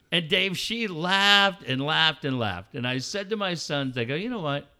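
A man's voice: fairly high pitch, moderate pace, hardly any pauses, clear, resonant tone. A middle-aged man co-hosting a radio show, telling a story in casual banter and acting out each line of dialogue. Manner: animated storyteller acting out dialogue, swears freely. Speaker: radio co-host.

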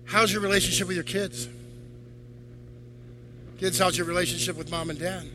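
High, bright-voiced man preaching. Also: normal speed, a little hiss or hum, rough recording. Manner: animated, rhetorical questions to the congregation. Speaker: deacon. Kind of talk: sermon. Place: church.

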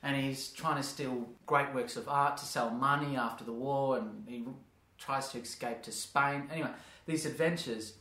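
A man's voice: mid-range voice, moderate pace, few pauses, sharp tone. A man hosting a podcast, chatting casually and rambling with frequent laughs. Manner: rambling, laughs often, playful voices for examples. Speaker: podcast host. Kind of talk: casual chat. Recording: roomy echo.

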